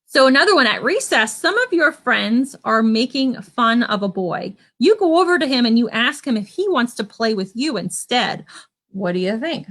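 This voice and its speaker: Children's church teacher, woman, slightly high-pitched, encouraging, patient. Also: very animated, moderate pace. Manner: gentle, encouraging, asks kids questions. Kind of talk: online children's church lesson. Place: at home.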